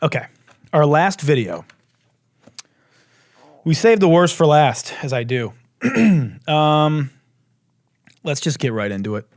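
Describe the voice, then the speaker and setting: A man's voice: a little high, big pitch swings, takes it slowly, long pauses, no room sound, studio quality. Sarcastic ranting male host. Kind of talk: comedic commentary.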